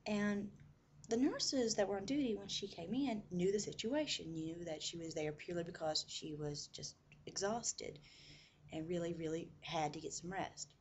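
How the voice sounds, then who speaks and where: A woman's voice: lowish voice, normal speed, a little mellow, slight background noise. A woman casually telling a personal story, chatty and full of "you know" asides.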